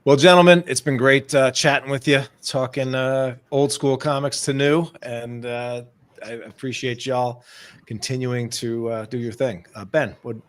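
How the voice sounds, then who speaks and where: A man's voice: medium pitch, measured pace. Male host, casual stream chat, easygoing. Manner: relaxed, filler-heavy, friendly wrap-up. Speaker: livestream host. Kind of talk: livestream chat.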